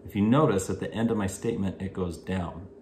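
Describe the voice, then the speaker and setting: A man with a very low voice explains a parenting skill in a measured, teacherly way. The room is echoey, and a faint hiss sits under his voice. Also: a little mellow. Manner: measured, explanatory, gives spoken examples. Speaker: parenting instructor. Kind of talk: instructional video talk.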